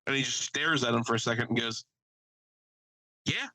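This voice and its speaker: Podcast co-host, man, bright forceful voice, dry close sound, swearing storyteller. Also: medium pitch, fast, no room sound, low-quality recording. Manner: animated anecdote-telling, swears freely, quotes others. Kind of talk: casual storytelling chat.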